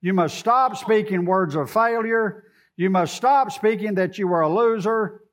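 A man with a high, drawling voice delivers a sermon at a slightly slow pace. He quotes scripture and addresses the congregation loosely and conversationally.

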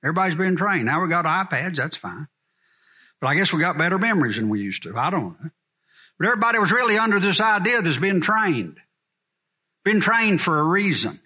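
A man's voice: high voice, lively intonation, a little fast, sharp tone. A middle-aged man teaching a church congregation in a blunt, folksy sermon style. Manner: folksy and blunt, drawling asides.

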